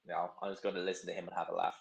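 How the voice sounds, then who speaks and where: A man's voice: low voice, completely flat delivery, rapid-fire, gravelly, echoey room, poor audio. A young man hosting a casual live stream, reading out viewer comments and answering in a blunt, rambling, opinionated way. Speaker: livestream host.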